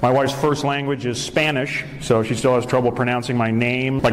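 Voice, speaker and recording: On a club stage, a man does brash, teasing stand-up and crowd work, slipping into mock voices for bits. His mid-range voice keeps fairly even intonation at normal speed with few pauses. The club is echoey, with loud crowd noise.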